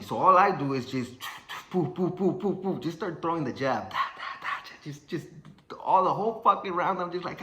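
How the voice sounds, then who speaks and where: A man's voice: a little high, echoey room, slight background noise. A young man telling a story in casual speech, swearing often and acting out sounds and what people said. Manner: swearing, animated, acts out sounds and quotes.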